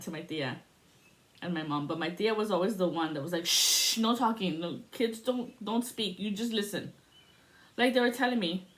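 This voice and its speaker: Profane, animated woman in her forties. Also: medium pitch. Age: 40s. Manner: profane, animated storytelling with laughs. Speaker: spiritual vlogger. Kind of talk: casual monologue.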